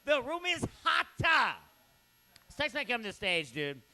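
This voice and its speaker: A man's voice: extremely high pitch, wildly swooping pitch, a little slow. A man hosting a comedy open mic, tipsy and rowdy, joking and hyping up the crowd between acts. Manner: rowdy, joking, hypes up the crowd, shouts bits. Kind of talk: emceeing a comedy night.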